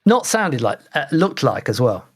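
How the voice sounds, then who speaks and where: A British man co-hosting a podcast, chatting casually with a jokey, self-mocking manner and an animated delivery. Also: medium pitch, normal speed, husky. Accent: British English. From Britain. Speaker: podcast co-host. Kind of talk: casual chat.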